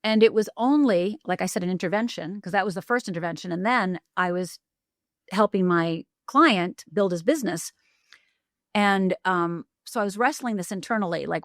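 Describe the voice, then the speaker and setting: A middle-aged woman, a life coach guest on a podcast, telling her story with lively energy. She jumps into the voices of the people she quotes and speeds up in excited bursts. Her voice sits at an ordinary pitch and is recorded close and dry. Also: no echo. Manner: acts out quoted voices, fast bursts with restarts. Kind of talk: animated storytelling.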